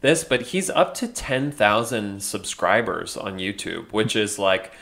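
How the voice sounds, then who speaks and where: A man's voice: fairly low pitch, a little slow, vocal fry, a bit bright. A young man co-hosting a casual podcast, talking in a chatty, hesitant way with lots of fillers and restarts. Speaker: podcast co-host. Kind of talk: casual conversational podcast chat.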